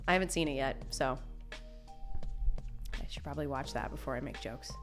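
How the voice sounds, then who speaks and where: A young woman with a very deep voice chats casually and briskly on a live stream from home, reading chat messages, laughing often, and restarting her sentences a lot. Soft music plays in the background.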